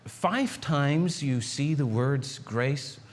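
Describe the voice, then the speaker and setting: A man preaching a sermon as pastor, pleading and repeating himself, swinging between high urgent lines and low hushed ones. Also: animated, extremely slow. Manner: pleading, repeats words and restarts. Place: church sanctuary. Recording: long hall reverb in a church.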